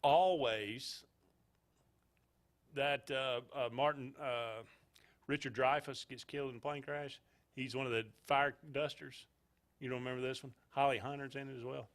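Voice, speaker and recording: A man's voice: mid-range voice, fairly even intonation, normal speed, fairly bright tone. Hesitant man hosting sports radio. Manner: hesitant, many filler uhs. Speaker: sports talk radio host. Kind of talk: casual radio chat.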